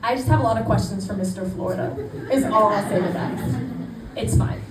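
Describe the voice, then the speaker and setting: Young female stand-up, animated storyteller, echoey noisy room, mic a bit far. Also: medium pitch, a little fast. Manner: chatty, self-deprecating, animated quoting. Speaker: stand-up comedian. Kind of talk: stand-up set. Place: small club stage. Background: audience laughter.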